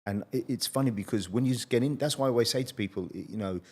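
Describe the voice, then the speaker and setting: A man in his late forties, hosting a podcast interview and telling stories in a lively, chatty way. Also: mid-range voice, rapid-fire. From United Kingdom. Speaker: podcast host. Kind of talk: casual interview chat.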